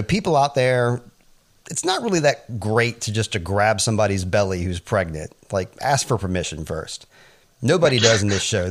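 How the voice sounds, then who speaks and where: A man with a somewhat low voice hosts a casual TV recap podcast. He talks in a chatty, animated way and drifts into asides. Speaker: podcast co-host.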